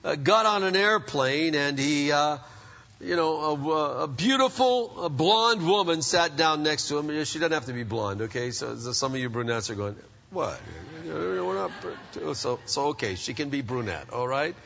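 A man's voice: on the high side, normal speed, a bit bright. A man preaching a sermon, a pastor telling jokes and stories to his congregation. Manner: joking, storytelling preacher. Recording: echoey hall, dull lo-fi sound.

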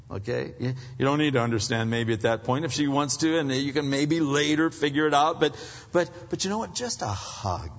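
A man preaching a conversational sermon to husbands, animated and acting out little bits of dialogue. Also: on the high side, moderate pace, a little hiss or hum. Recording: muffled, reverberant hall.

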